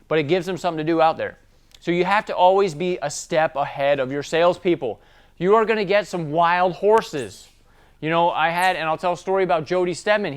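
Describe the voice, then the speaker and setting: A smooth-voiced man coaching salespeople. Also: high voice. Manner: conversational storytelling, tag questions. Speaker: sales trainer. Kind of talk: casual business training talk.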